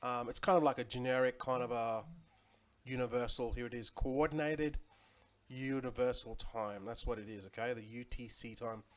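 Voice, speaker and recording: This is a man in his forties running a crypto livestream at his Chiang Mai home, his voice medium in pitch and moderate in pace. The chat is casual and meandering, full of fillers, with viewers greeted by name.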